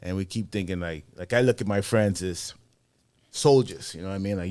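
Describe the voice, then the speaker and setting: Deep, smooth-voiced man asking earnestly. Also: steady tone, normal speed, darkish tone, no room sound. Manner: searching, full of "you know what I mean". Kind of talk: casual discussion.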